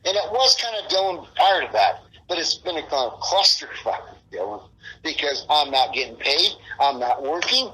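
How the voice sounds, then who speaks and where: A man's voice: fairly high pitch, big pitch swings, moderate pace, pushed and bright, husky, poor audio. A middle-aged man being interviewed, talking in a rambling, profane, frustrated way. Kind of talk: casual interview.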